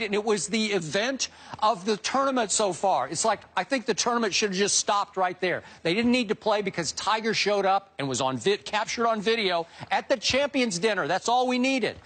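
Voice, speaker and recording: A middle-aged man on a sports debate show, laying out his picks with emphatic, building excitement. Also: sits high, a little fast.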